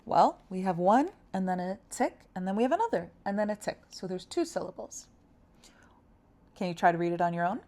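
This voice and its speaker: A young woman walks a learner through a beginner language lesson. She talks patiently and encouragingly, slowing down to sound out each syllable. Her voice sits at an ordinary middle pitch. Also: animated, dark tone. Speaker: language teacher. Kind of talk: friendly scripted lesson.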